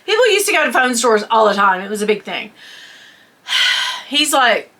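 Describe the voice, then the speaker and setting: A bright, somewhat high-voiced woman in her fifties with a drawl chats to camera about an embarrassing story. She talks in an animated way, laughing as she goes and slipping into voices for the people she quotes. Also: normal speed. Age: 50s. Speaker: vlogger. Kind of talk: casual storytime chat to camera.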